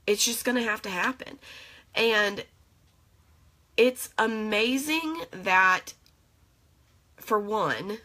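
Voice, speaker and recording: Bright, chatty young woman vlogging. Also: medium pitch. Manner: emotional, chatty, full of fillers. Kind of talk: casual reflective vlog.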